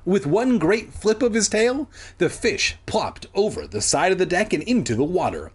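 A man reads a children's story aloud and drops sarcastic asides between the lines. His voice is slightly husky and a touch high. His pitch moves in a lively way. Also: normal speed. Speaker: narrator. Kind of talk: mocking story reading.

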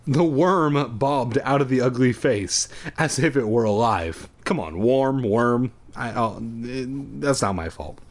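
Irreverent man reading a spooky kids' book. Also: mid-range voice. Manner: irreverent, profane asides. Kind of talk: comedic read-aloud of a children's book.

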